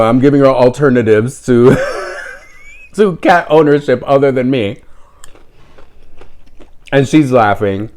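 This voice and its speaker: A man spins a casual story at an easy, mid-range pitch. His delivery is wry and sarcastic, with deadpan asides. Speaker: vlogger.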